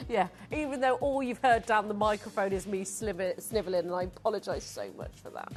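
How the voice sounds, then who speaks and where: A woman's voice: medium pitch, expressive, a little fast, faint music behind. A woman hosting a live TV shopping show, selling jewelry in chatty, self-mocking patter while congested and throaty from hay fever. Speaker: shopping channel host. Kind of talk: live TV sales presentation.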